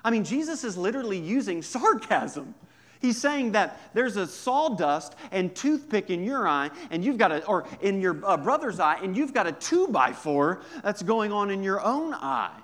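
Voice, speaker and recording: Lively pastor, fairly high-pitched man. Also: moderate pace. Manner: conversational and humorous, swinging from hushed to emphatic. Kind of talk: sermon.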